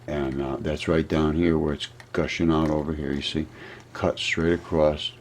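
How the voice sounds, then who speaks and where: A man talking through a map in a casual, rambling monologue, often laughing at his own ideas and getting excited. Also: extremely low pitch, normal speed, slight background noise. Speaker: video presenter.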